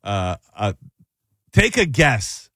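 A man's voice: fairly low pitch, very animated, slow pace, a bit bright, no room sound, studio quality. A young man co-hosting a morning show in casual banter, rambling, stammering and repeating himself in a playful way. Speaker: radio co-host.

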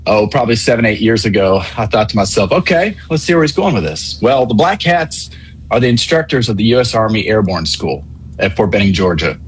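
A male caller explaining his points in a measured, polite way on a call-in radio show. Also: mid-range voice, slightly rough, rough recording.

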